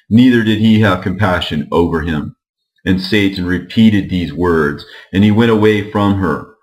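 A man narrating an old religious text in a measured, steady reading. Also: deep voice, rough recording. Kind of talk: scripture reading.

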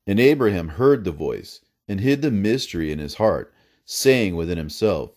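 A man with a low voice reads an ancient religious story in solemn, measured narration. His pitch rises and falls freely across phrases. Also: big pitch swings, darkish tone.

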